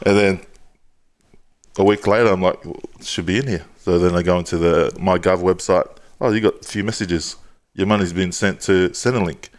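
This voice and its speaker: A young man with a fairly low voice co-hosting a relaxed podcast. He tells stories in an easygoing way, laughs often and swears casually. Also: normal speed. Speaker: podcast co-host.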